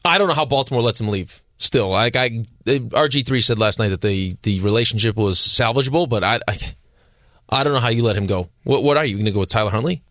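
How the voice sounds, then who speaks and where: A male sports radio co-host in casual chat, argumentative and quick to rattle off stats. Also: medium pitch, fairly bright tone, no echo, clean studio sound.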